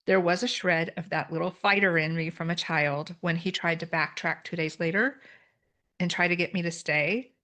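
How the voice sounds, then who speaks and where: Woman, middle-aged, lowish voice, candid, earnest, podcast guest telling her story. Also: steady tone, normal speed, pushed and bright. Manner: earnest, candid, explains terms with examples. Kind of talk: personal story in a podcast conversation.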